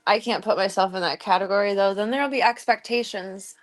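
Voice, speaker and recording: A woman's voice: medium pitch, a little fast, few pauses, soft background music. Young woman streaming from home, just chatting and cooing at her cats. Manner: chatty, talks baby talk to her cats. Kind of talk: casual chat while streaming.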